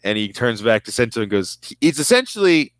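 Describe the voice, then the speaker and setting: A man's voice: mid-range voice, big pitch swings, fairly quick, no room sound. A young man co-hosting a casual fan podcast, rambling enthusiastically and tripping over his words. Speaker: podcast co-host.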